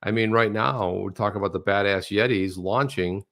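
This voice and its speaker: A middle-aged man co-hosting a casual chat, telling stories in a rambling, animated way with lots of restarts. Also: fairly low pitch, moderate pace. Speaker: co-host.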